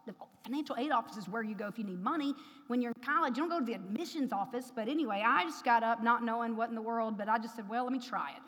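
High-voiced woman w/ a preaching, testimony stuff, big reverby hall. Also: quick pace. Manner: builds to loud emphatic preaching. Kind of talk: sermon with personal testimony.

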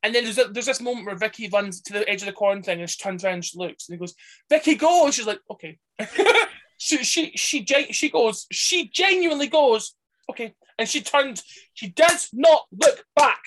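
A woman's voice: a little high, a little fast. A woman co-hosting a casual film-review chat, rambling and swearing as she acts out the characters. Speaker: podcast co-host.

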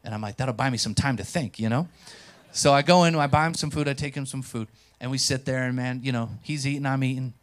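A young man preaching a sermon as pastor, telling a personal story and acting out dialogue, swinging from quiet asides to loud bursts. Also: mid-range voice, fast. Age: young adult.

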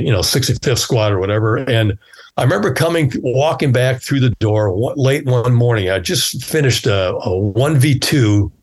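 A man in his sixties, a former fighter pilot, telling stories casually in an interview and acting out the dialogue. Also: mid-range voice. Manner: animated storyteller who acts out quoted dialogue.

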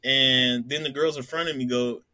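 Young man, casual storytelling, bright forceful voice, dry close sound, laughs a lot. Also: mid-range voice, fairly even intonation, normal speed, no echo. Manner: laughs a lot, acts out voices in his anecdote.

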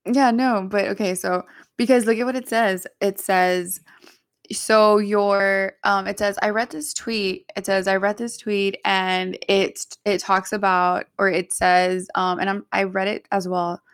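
A woman's voice: medium pitch, flat delivery, measured pace, clean tone, no room sound, studio quality. A woman co-hosting a casual chat, rambling as she starts a new topic.

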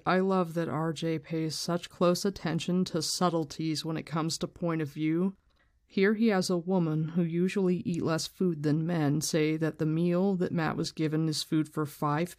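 A candid book commentator who mixes reading aloud with casual, opinionated remarks. The voice sits at a middle pitch. The talk is loose and frank, with some swearing. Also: darkish tone.

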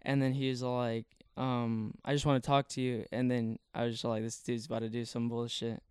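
A man's voice: medium pitch, level tone, fairly quick, darkish tone, clear, resonant tone, no room sound. A young man recounting a story in loose, slangy chat that leans heavily on fillers. His voice is very clean and resonant. The sound is close and dry, with no room around it. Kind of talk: casual chat.

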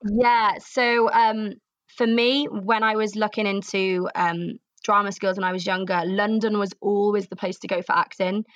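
A young Welsh actress being interviewed, talking earnestly and openly, repeating herself for emphasis. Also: female voice, medium pitch, flat delivery, moderate pace, fairly bright tone, lo-fi sound. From Wales. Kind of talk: candid interview.

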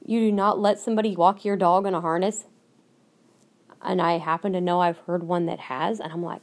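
A Minnesota woman with a lowish, steady voice talks a little fast on her own podcast. Her solo rant is blunt and emphatic, and she keeps repeating what she means.

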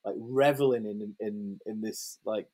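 This young man, a guest in a casual interview, tells a lively story packed with swearing, fillers, and restarts. His voice is fairly low and his delivery unhurried.

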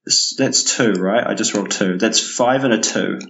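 A man playing a tabletop game, excitable and jokey, at times putting on a kid's voice. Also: moderate pace, creaky, dull audio. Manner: excitable, breaks into a squeaky kid voice. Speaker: player.

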